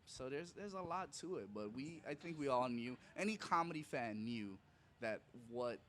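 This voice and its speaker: A man, a stand-up comedian, chats on a podcast in an earnest, excitable way and keeps restarting his sentences. His pitch sits in an ordinary middle range. A faint hum of room ambience sits under his voice. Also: normal speed. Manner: earnest, excitable, repeats words when starting sentences. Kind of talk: casual chat.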